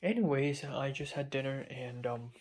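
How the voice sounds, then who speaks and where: A young male college student records a casual spoken diary while feverish and dizzy, his medium-pitched voice moving at normal speed. He rambles hesitantly, with lots of fillers and restarts.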